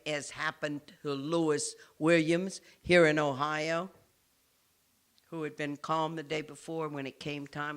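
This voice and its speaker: An earnest woman, a nun, gives an impassioned talk to a roomful of listeners. Her voice is bright and forceful. She moves between ringing emphasis and near-whispered intensity. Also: low voice. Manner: earnest, swings from forceful to hushed. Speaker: nun speaking to an audience. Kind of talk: impassioned public speech. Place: room with a live audience.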